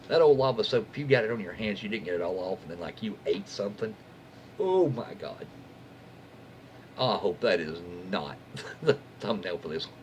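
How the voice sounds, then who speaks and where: This YouTube host narrates Reddit stories casually, with commentary, his pitch rising and falling in an easygoing, lively swing. Folksy, wry interjections and jokes he censors himself come often, and a faint hum sits in the background.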